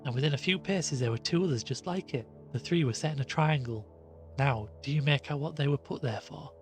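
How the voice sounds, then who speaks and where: A man voicing a shaken young gentleman who recounts his ordeal in a rueful, animated way. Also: mid-range voice, fairly quick, soft background music, lightly acted.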